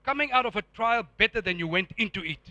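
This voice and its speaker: A man preaching a sermon as pastor, animated and firing rhetorical questions at the congregation. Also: sits high, quick pace, no echo.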